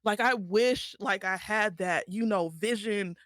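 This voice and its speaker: A woman's voice: medium pitch, measured pace, fairly bright tone, no echo, clean studio sound. A woman streamer, talking tearfully and affectionately to her friends in casual chat.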